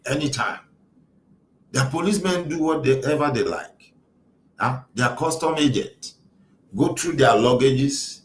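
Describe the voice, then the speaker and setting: A man's voice: medium pitch, a bit bright, echoey room, slight background noise, poor audio. A man hosting a show, giving impassioned social commentary in emphatic, repetitive rhetorical lists. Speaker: show host.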